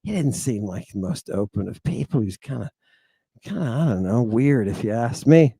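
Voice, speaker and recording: A podcast host tells a personal story in a casual, slangy monologue on his own show, animated and peppering lines with "right?" and "baby." His mid-range voice is slightly rough, at normal speed, with no echo.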